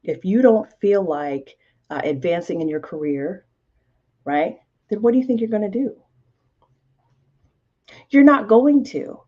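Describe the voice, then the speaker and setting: A woman hosting a self-help podcast as a life coach, speaking deliberately and emphatically and repeating key phrases. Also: mid-range voice, animated, warm tone, lo-fi sound. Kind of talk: motivational self-help talk.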